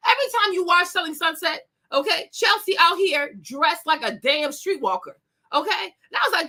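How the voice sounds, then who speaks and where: A woman's voice: very high-pitched, big pitch swings, normal speed, bright, forceful tone. A woman hosting a commentary show, ranting bluntly and scathingly with bursts of laughter. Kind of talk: opinionated commentary rant.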